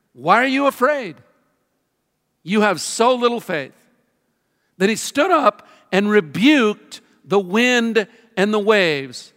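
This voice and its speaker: Pastor, male, middle-aged; bright high voice, earnest sermon delivery, hall reverb. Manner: earnest, encouraging, slows for emphasis. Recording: long reverb of a large hall.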